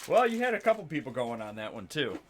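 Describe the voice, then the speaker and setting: A man's voice: fairly high pitch, a little hiss or hum. A man hosting a live stream, chatting casually and telling stories with acted-out quotes and frequent laughter. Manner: animated storyteller, acts out quotes, laughs often.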